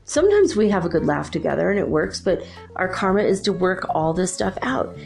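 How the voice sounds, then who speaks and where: A woman's voice: on the low side, sing-song, brisk, creaky, darkish tone, faint music behind. A woman hosting a spiritual talk show, speaking in a rambling, chatty way with lots of filler words. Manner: rambling, chatty, full of "you know" and "like". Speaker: podcast host.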